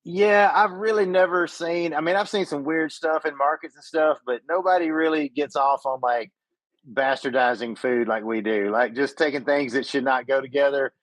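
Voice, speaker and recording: A man's voice: on the high side, moderate pace, no room sound, low-quality recording. A man from western Georgia, telling stories as a podcast co-host in casual chat. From western Georgia, USA.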